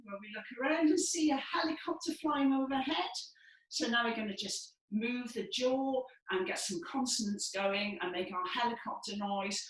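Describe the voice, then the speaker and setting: A woman, possibly from Wales, leading a guided breathing and vocal warm-up in a lively, encouraging, playful way. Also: fairly high pitch, moderate pace, recorded from a distance. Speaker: dance and movement leader. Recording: echoey room from afar.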